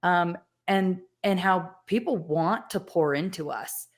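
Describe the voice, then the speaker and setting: A woman hosting a casual podcast chat, a mother sharing reflective, emotional stories that turn animated in bursts. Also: on the low side, takes it slowly. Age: adult with children. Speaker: podcast host.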